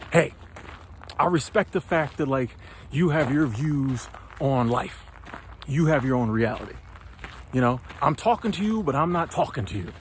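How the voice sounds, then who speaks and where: A man, hosting his own channel and delivering an impassioned motivational monologue, preachy and animated, sometimes stumbling over his words. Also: on the high side, a little hiss or hum. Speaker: channel host.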